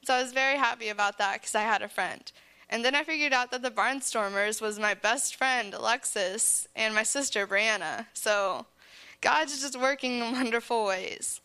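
Bright, clear-voiced teenage girl. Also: a little high, moderate pace. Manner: earnest, says "like" often, laughs between phrases. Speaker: speaker sharing a camp testimony. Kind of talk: personal testimony to a church audience.

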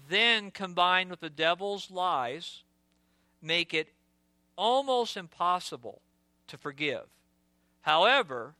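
A man preaching a sermon as pastor, earnest and direct, sometimes dropping to a hushed voice for storytelling asides. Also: on the high side, no room sound.

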